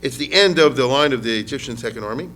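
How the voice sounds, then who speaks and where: A man's voice: medium pitch, lively intonation, quick pace, fairly bright tone. A man lecturing on history as a rabbi, talking casually, often asking the audience questions and mixing in Hebrew words.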